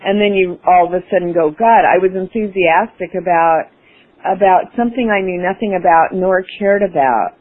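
A woman author, a guest in an interview, telling a personal story with lively enthusiasm and acting out her past self. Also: fairly low pitch, moderate pace. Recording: phone-line sound.

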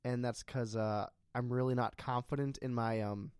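A man in his early twenties co-hosting a casual comedy chat, deadpan and hesitant with many fillers. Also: medium pitch, moderate pace, clear, resonant tone, dry recording, studio quality. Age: 20s. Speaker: podcast co-host.

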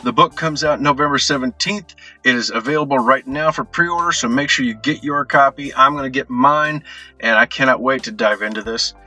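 A man's voice: mid-range voice, fairly quick, bright, forceful tone, faint music behind. A male podcast host giving an upbeat outro with plugs and reminders. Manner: upbeat, plugging announcements.

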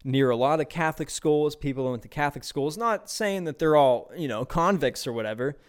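A man's voice: on the high side, brisk, smooth. A young man from Pittsburgh hosting a casual solo podcast, rambling and swearing with lots of laughs and repeated words. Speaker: podcast host.

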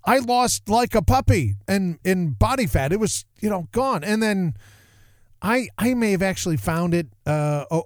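A man hosting his podcast in a casual monologue, rambling and animated, often interrupting himself. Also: sits high, no echo, clean studio sound. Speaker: podcast host.

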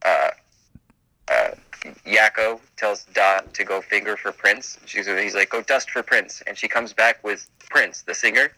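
A man co-hosting a casual podcast chat. He jokes, swears and slips into quick silly voices. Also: on the low side, sharp tone, poor audio. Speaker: podcast co-host.

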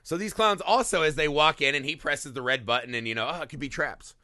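A man co-hosting a podcast, talking about a movie in an animated, profane, joking way and acting out bits of dialogue. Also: on the high side, fast talker, dry recording, clean studio sound. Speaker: podcast co-host. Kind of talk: crude comedic movie discussion.

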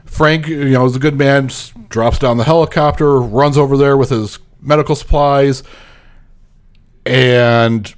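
A man's voice: medium pitch, unhurried. Laid-back male podcast co-host. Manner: relaxed, joking, retells plot with laughter. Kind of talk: casual movie review chat.

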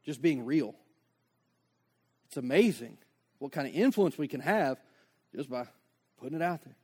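A man's voice: mid-range voice, expressive, normal speed, darkish tone, slightly rough. A man preaching a sermon as pastor, conversational, with joking asides and acted-out dialogue.

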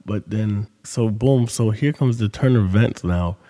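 A man's voice: lowish voice, unhurried, dark tone, big-room sound. A man hosting a podcast, telling a story in casual monologue with loose, profane street talk. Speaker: podcast host.

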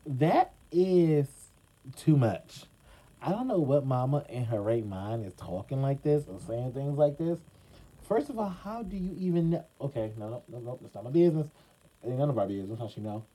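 A man's voice: medium pitch, big pitch swings, normal speed, dark tone, slightly rough, low-quality recording. A man hosting casual gossip commentary, chatty and dramatic, talking straight to his viewers with lots of fillers. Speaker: commentary host.

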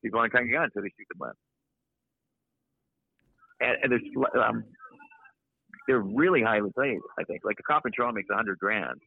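A man guest on a podcast, talking in a blunt, opinionated, rambling way, with a gravelly, husky voice. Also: on the low side, moderate pace, pauses often, dry recording. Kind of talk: casual podcast conversation. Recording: dry, tinny phone-like line.

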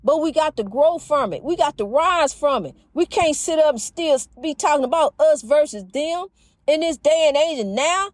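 A woman's voice: sits high, lively intonation, normal speed, dry recording. A woman speaking in an impassioned, preachy spiritual monologue, repeating herself and calling the listener honey.

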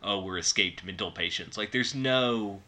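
A man with a lowish voice speaks at a moderate pace in a sharp tone. He co-hosts a podcast and chats casually about horror films, rambling and dropping in plenty of fillers.

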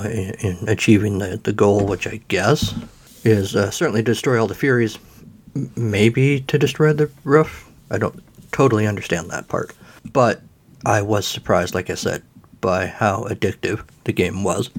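A man's voice: on the low side, breathy edge. A man hosting a podcast in a rambling, self-deprecating way, full of fillers. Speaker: podcast host. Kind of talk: casual podcast talk.

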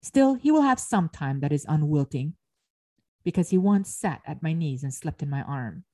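Woman doing an angry goddess scolding humans, stern and proclaiming, kinda warm and mellow. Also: low-pitched, lively intonation, moderate pace. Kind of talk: dramatic reading within a lecture.

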